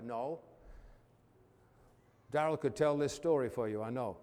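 A man preaching a sermon as pastor, fervent, calling out to the congregation and swinging from loud declarations to hushed asides. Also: mid-range voice, normal speed, long pauses, big-room sound. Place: church.

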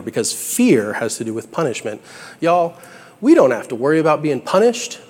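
Earnest young preacher in echoing hall. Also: male voice, mid-range voice, expressive, moderate pace, darkish tone. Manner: earnest, conversational, builds to bursts of emphasis. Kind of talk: sermon. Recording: echoey hall with long reverb.

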